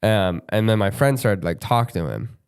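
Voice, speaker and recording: A man's voice: on the low side, expressive, normal speed, a little mellow, clean tone. A young man co-hosting a comedy podcast, telling loose, swear-filled stories in casual chat. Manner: loose, swearing, rambling storyteller. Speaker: podcast co-host.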